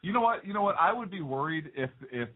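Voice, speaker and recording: A man trades sarcastic jabs as a talk radio co-host. His pitch swings widely as he riffs. The audio is narrow and phone-like. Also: fast talker. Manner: sarcastic, animated interjections. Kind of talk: casual talk radio banter.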